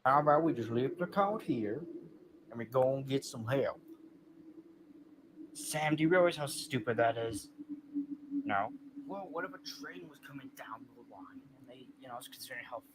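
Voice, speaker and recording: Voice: mid-range voice, lively intonation, moderate pace, pauses often, lightly acted. A young man voicing unpolished talking engines over noisy sound. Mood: plain. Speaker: amateur voice actor playing several characters. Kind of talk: hobby fan-film voice acting. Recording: noisy old fan-film soundtrack.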